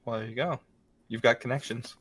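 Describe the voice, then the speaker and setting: A young man co-hosting a casual chat show, answering rapid questions with dry wit and some laughter. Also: medium pitch, fairly even intonation, fairly bright tone, breathy edge. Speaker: podcast co-host.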